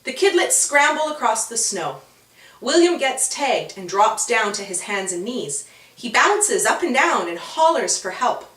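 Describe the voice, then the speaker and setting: Expressive woman reading a children's story. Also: a little high, measured pace, roomy sound, distant mic. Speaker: author and storyteller.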